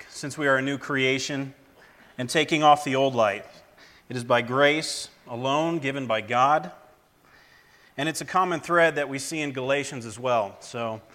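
A man's voice: mid-range voice, fairly bright tone. A man preaching a plainspoken, straight-to-the-point sermon, with frequent fillers and restarts. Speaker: lay preacher.

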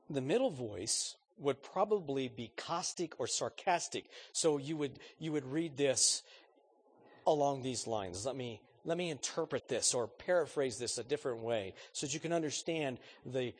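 A man preaching a sermon with a husky, slightly breathy voice at a middle pitch. He talks earnestly and conversationally, turning to the congregation with direct questions.

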